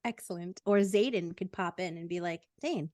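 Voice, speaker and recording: A woman's voice: fairly low pitch, fairly even intonation, a little mellow, no echo. A woman co-hosting a podcast in casual chat, playful and jokey. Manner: playful, jokey, quick to laugh. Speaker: podcast co-host.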